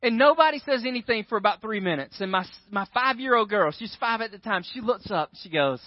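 In a sermon, a high-voiced pastor spins a lively story at a moderate pace, repeatedly checking in with the crowd by asking "right?". There's no room sound, and the audio is dry, dull and lo-fi.

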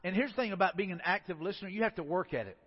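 Fast-talking pastor, high voice. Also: male voice, husky. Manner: folksy, storytelling with acted-out quotes. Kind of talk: sermon. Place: church sanctuary. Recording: dull, lo-fi sound in a reverberant hall.

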